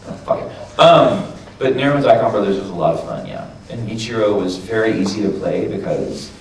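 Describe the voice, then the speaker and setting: A man with a worn, hoarse voice, chatting loosely and swearing freely as a voice actor answering questions on a convention panel. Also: on the low side, very animated, brisk, a little hiss or hum. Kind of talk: casual panel Q&A. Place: large convention hall. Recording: echoey hall from far off.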